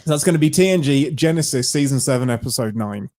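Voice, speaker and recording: A man's voice: mid-range voice, expressive, fast, darkish tone. A man co-hosting a live-streamed podcast, talking casually and animatedly, laughing often and jumping between thoughts. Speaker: podcast co-host.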